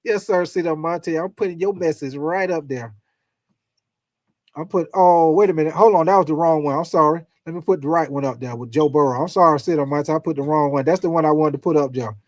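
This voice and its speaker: A man hosting a casual sports livestream, reading viewer comments and talking football with loose, profane, animated chatter. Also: fairly high pitch, fast, no room sound. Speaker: sports talk livestream host.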